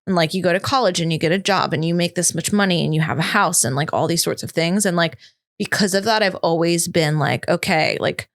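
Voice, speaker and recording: A woman's voice: fairly low pitch, a little fast. A woman guest on a podcast, talking reflectively with lots of "like" and getting emotional. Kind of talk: casual chat.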